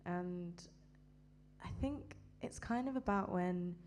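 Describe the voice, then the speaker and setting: A woman musician talks about her next song in a lowish voice. She is hesitant and halting, restarting her sentences with many fillers. A faint hum runs under her speech. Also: darkish tone. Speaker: singer-songwriter guest. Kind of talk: casual talk between songs.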